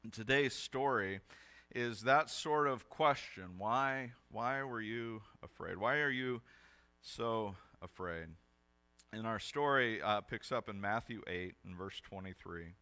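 A man's voice: mid-range voice, measured pace, sharp tone. A young adult male pastor giving a sermon in a conversational, storytelling way with casual fillers.

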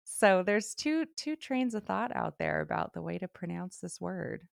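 Young woman co-host, low and gravelly voice, dry close sound, rambling chat. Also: very animated, a little slow, no room sound. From Southern California. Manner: rambling, hesitant, restarts and fillers. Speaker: podcast co-host. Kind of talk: casual podcast chat.

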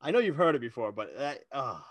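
Guy telling a funny story on a podcast, bounces all over in pitch, sounds kinda dry and close. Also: fast, dry recording. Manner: animated, self-deprecating storyteller. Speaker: podcast co-host. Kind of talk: casual storytelling chat.

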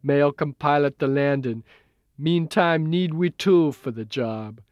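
A man's voice: fairly high pitch, measured pace, darkish tone, no echo, lo-fi sound, natural voice. A man doing a laid-back Rastafarian pilot. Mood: easygoing. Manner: easygoing, clipped dialect speech.

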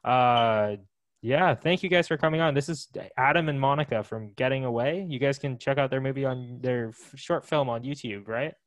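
A man's voice: medium pitch, normal speed. A man hosting a podcast, wrapping up in a casual, rambling way and correcting himself as he goes. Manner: rambling, self-correcting, joking. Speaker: podcast host.

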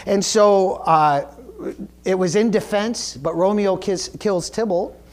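A man preaching a sermon as pastor, retelling a story loosely with many fillers and restarts, then rising higher and louder as he drives his point home. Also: takes it slowly.

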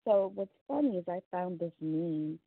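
A woman's voice: on the low side, expressive, unhurried, no echo. A woman hosting her own podcast, chatting casually and laughing as she acts out little quoted voices. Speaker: podcast host. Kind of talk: casual solo podcast talk. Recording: dry tinny phone-like sound.

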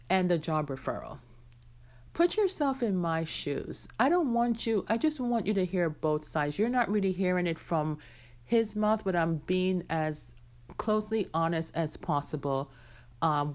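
Low slow-talking woman telling a story. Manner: candid, conversational, addresses listeners directly. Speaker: podcast host. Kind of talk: personal storytelling monologue.

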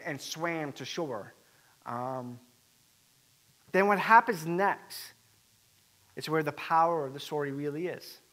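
A man preaching a sermon as pastor, animated and acting out the quoted voices with rising emphasis. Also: high voice.

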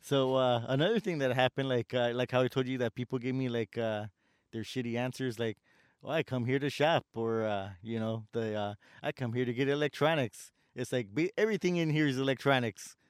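Smooth-voiced man ranting about customers. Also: medium pitch, a little fast, no room sound, studio quality. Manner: ranting storyteller, swears, acts out customers. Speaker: store door greeter in customer service. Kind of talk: casual chat.

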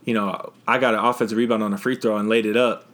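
A young man with a fairly low voice chats easily on a podcast. He talks at an unhurried pace and fills his sentences with "you know" and "um". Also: flat delivery, a bit bright. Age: young adult. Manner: laid-back, many fillers, laughs often. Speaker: podcast guest, basketball player. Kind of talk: casual chat.

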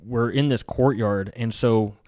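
Man, veteran, casual podcast storytelling, mid-pitched voice, dry studio sound. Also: a little slow, no echo. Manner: animated war-story telling, loose and conversational. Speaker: podcast guest or host, military veteran.

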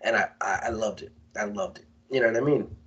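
A man's voice: fairly low pitch, fast talker, fairly bright tone. A young man co-hosting a casual podcast chat, talking in slang, repeating himself and slipping into quoted voices. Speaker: podcast co-host. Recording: dull lo-fi podcast audio.

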